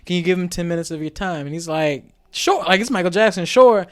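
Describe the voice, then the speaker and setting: A young man with a high voice, chatting on a podcast. He tells stories in an animated way, laughs often and acts out quotes from other people. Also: quick pace, clear, resonant tone. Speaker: podcast co-host. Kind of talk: casual chat.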